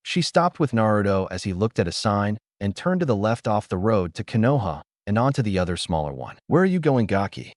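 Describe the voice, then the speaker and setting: A man narrating fan fiction in a steady storybook reading. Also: on the low side, brisk, few pauses, dry recording, clean studio sound.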